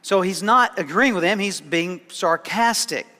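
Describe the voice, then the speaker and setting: Guy pastor preaching, bit high and bright, chatty and sarcastic, big echoey church. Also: measured pace. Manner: conversational, sarcastic humor, repeats words when starting. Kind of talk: sermon. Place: church sanctuary.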